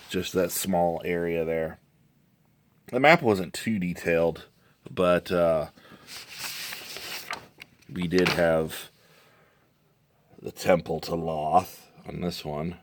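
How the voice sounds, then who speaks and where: A man who runs tabletop games, chatting casually and rambling about an old box set, correcting himself as he goes. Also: deep voice. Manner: rambling, self-correcting, chuckling storyteller. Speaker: game master reviewing a box set. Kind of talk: casual show-and-tell chat.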